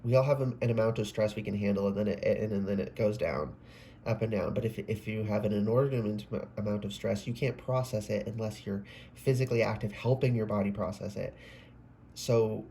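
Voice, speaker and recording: A man's voice: on the low side, creaky, a little mellow, a little hiss or hum. A man giving a casual, rambling tarot reading, often breaking off mid-sentence, swearing and exclaiming. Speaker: tarot reader.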